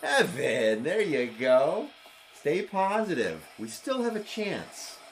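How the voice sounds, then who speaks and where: A man's voice: a little high, huge pitch swings, slow. A young father casually commentating a car game, encouraging and coaching his son as they play. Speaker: streamer playing with his son. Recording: music playing under the voice. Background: game music and car sounds.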